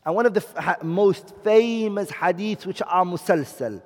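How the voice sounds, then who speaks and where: A man lectures to a class in a fairly high voice, slowing down to explain and pausing to ask if everyone follows. His voice rings with long reverb from a large room. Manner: explains slowly, checks understanding with questions. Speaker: teacher.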